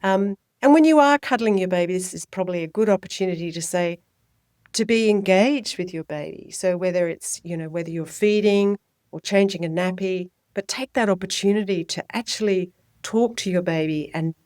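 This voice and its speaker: A middle-aged woman, a child health nurse and midwife, giving clear, lively parenting advice in a podcast interview. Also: fairly low pitch, normal speed, dry recording, studio quality. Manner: explanatory, lively when voicing babies and parents.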